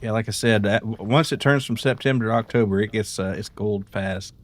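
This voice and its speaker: A man's voice: fairly low pitch, fairly quick. A young man in casual chat while gaming, laid-back and drifting, muttering to himself now and then. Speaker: streamer.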